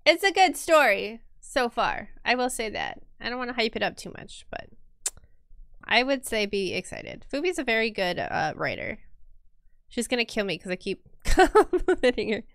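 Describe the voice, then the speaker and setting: Woman streamer-artist, casual rambling chat with frequent laughs; bright, crisp, lively voice. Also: on the high side, moderate pace, no echo, studio quality. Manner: chatty and rambling, laughs often. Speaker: streamer and illustrator. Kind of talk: casual livestream chat while drawing.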